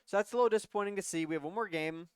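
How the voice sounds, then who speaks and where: A man's voice: high voice, racing, crowd noise. A young man co-casting a college esports match who calls plays and cheers his team on in a casual way. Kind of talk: play-by-play and color commentary.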